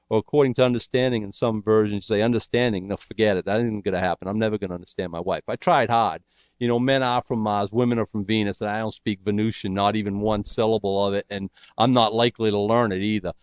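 A man's voice: fairly low pitch, fairly even intonation, quick pace, clear, resonant tone, dry recording, dull audio. An older man preaching a sermon in a folksy, earnest way with self-deprecating humor.

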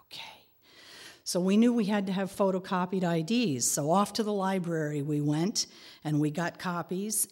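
Prayerful middle-aged woman, lowish voice. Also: big-room sound. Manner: prayerful, expressive, sometimes dropping to a whisper. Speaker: storyteller. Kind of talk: devotional reflection and personal storytelling.

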